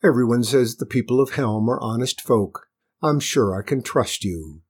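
Man voicing a polite, calm stranger. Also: mid-range voice, moderate pace, breathy edge, natural voice. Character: smooth, polite male traveling stranger. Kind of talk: storybook reading.

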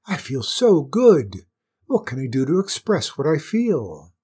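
A storyteller voicing a spoiled, bossy queen who barks orders in a shrill, commanding way. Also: big pitch swings, normal speed, warm tone, husky. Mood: delighted. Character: spoiled haughty queen, bossy and quick-tempered.

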